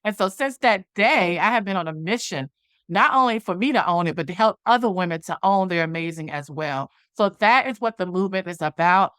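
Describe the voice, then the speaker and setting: A woman's voice: mid-range voice, animated, brisk, fairly bright tone, clean tone, dry recording, studio quality. A woman interview guest telling a personal story, animatedly acting out the dialogue from it. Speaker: guest, movement founder.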